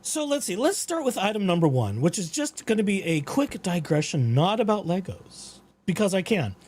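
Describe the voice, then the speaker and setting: A man's voice: high voice, normal speed. A man hosting a casual talk show, rambling about his dreams and reading out legal updates. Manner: rambling, animated quoting of dreams. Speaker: podcast host.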